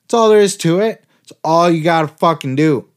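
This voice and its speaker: A man's voice: fairly high pitch, fairly quick. A man hosting a podcast, ranting in a heated, sarcastic way and swearing constantly. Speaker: podcast host. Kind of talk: profane ranting podcast commentary.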